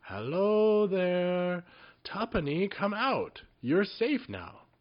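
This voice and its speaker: A man voicing a brisk little male goblin who pushes others to act, in a storybook reading. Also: lowish voice, huge pitch swings, husky, highs cut off, heavily acted. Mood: calling.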